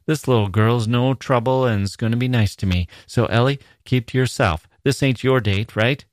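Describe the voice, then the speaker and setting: A man's voice: low-pitched, steady tone, unhurried, mellow, no echo, clean studio sound. A man reading aloud voices a menacing young man who talks in an insistent, slangy, wheedling way. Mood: snapping. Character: menacing young man, smooth-talking predator.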